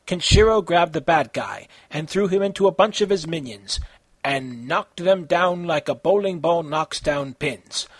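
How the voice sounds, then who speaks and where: Husky man reading his fan fiction. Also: on the high side, lively intonation, no echo. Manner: halting, with slips and self-corrections. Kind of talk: amateur story reading.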